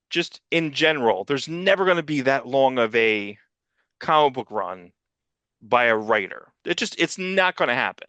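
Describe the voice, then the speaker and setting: A man co-hosts a comics podcast in loose, profane, rambling chat and acts out the people he quotes. His voice is bright and forceful. It sits dry and close to the mic. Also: mid-range voice, lively intonation, measured pace, no echo. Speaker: podcast co-host and producer.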